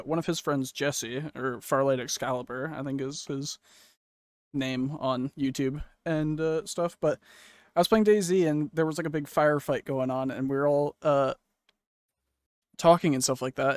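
A man's voice: a little high, no room sound. Talkative Canadian man, dry sound. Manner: rambling storyteller, swears freely, laughs often. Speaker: podcast host. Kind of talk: casual podcast chat.

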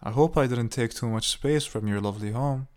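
A man's voice: mid-range voice, steady tone, creaky, a little mellow, lightly acted. Man putting on a cruel old woman. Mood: sarcastic. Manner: mock-sweet, then slow and screaming.

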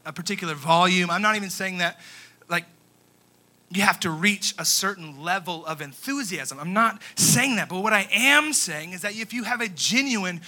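A young man preaching a sermon as a youth pastor, animated, swinging between quiet and loud with emphatic pauses. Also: sits high.

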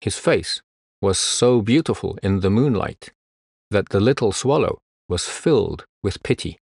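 A man reads a storybook tale aloud at a very unhurried pace. His low voice rises and falls a great deal, and the recording is close and dry. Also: animated, gravelly, darkish tone, husky, dry recording. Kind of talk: storybook narration.

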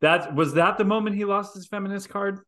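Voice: mid-range voice, fairly quick, fairly bright tone. Dry, teasing podcast co-host. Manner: dry, teasing, laughs often. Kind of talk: casual chat.

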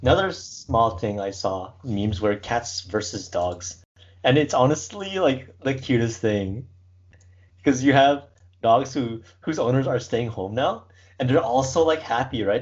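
A man's voice: mid-range voice, animated, unhurried. A man hosting a casual chat, rambling with lots of fillers and frequent laughs. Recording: dull lo-fi recording.

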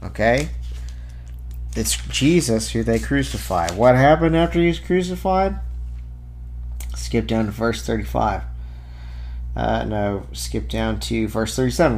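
A man's voice: medium pitch, animated, a little slow, pauses often, darkish tone. Man reading scripture with casual asides. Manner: reads passages aloud, breaks off with casual asides and fillers. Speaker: Christian apologist. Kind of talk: informal apologetics talk reading scripture aloud.

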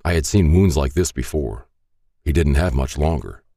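A man's voice: very deep voice, moderate pace, warm tone, dry recording, clean studio sound. A man narrating a first-person story in an earnest, reflective way.

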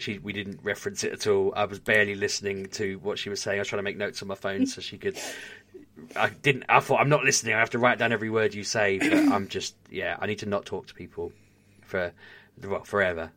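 A man co-hosting a podcast, telling self-deprecating stories in casual chat and acting out what people said. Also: fairly low pitch. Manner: self-deprecating storytelling, animated quoting. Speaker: podcast co-host.

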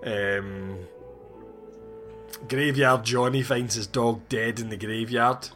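A man's voice: mid-range voice, steady tone, takes it slowly, a bit bright, soft background music. A man, casually recapping a film with wry, sweary asides. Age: 40s. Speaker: podcast host. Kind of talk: casual chat.

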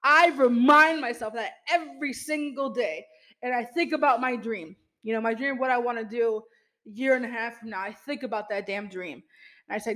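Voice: medium pitch, moderate pace, fairly bright tone, poor audio. A podcast host giving an emphatic motivational pep talk, addressing listeners directly as "y'all" and peppering the talk with "you know" and mild swearing. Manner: speaks straight to listeners as "y'all".

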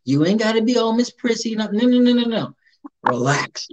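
A man hosting a casual interview, joking around in a playful, animated way. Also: high voice, moderate pace, a crowd in the background, low-quality recording. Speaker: host.

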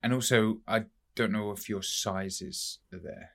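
Low-voiced man, chatty and playful. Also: steady tone, measured pace, a bit bright. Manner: laughs often, chatty and playful. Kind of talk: casual chat among friends.

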